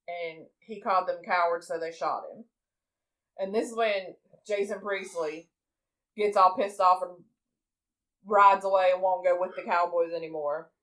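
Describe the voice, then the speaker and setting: A woman's voice: lowish voice, a bit bright, rough recording. A woman co-hosting a podcast, casually recapping a movie with frequent laughs. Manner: laughing, chatty retelling of scenes. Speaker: podcast co-host.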